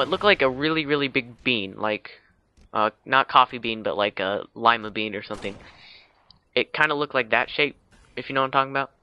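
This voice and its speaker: A man's voice: mid-range voice, bright, forceful tone, smooth, lo-fi sound. A man casually retelling a film's plot for a video, rambling with lots of fillers and restarts, with teasing asides. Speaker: video blogger.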